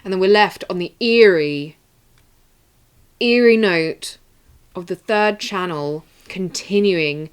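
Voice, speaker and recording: A woman co-hosting a casual film review chat, dry and skeptical with quick retorts, on camera in a room with shelves. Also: fairly low pitch, clean tone.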